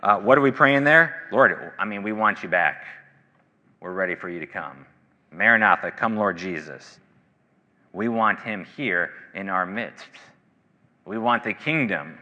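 A low-voiced male pastor preaches with a very bright, forceful edge, pressing hard on key phrases before sinking into hushed, low stretches. His intonation is lively, his pace measured with long pauses, and his earnest manner rises to emphatic bursts then drops low. A long hall reverb surrounds the sound.

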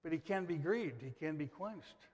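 A fairly high-voiced American man preaching in a church, his words trailing into a long hall reverb. He leans on repetition and swings from quiet to sudden loud bursts. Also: animated, normal speed, breathy edge. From United States. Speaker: pastor. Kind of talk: sermon. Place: church sanctuary.

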